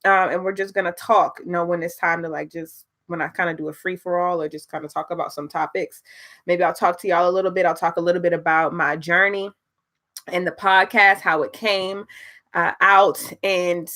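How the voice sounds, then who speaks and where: A young woman hosting her podcast on a livestream, chatting in an excitable, slangy way that is close to tears of joy. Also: on the low side, moderate pace. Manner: excitable, laughing, emotional, slangy. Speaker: podcast host. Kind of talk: casual livestream chat.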